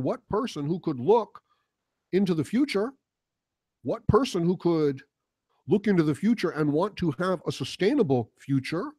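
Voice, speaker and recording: A man's voice: a little high, darkish tone, husky, dry recording, clean studio sound. A man hosting a heated, profane commentary monologue, mocking the voices he quotes. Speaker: political commentary host. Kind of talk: casual monologue.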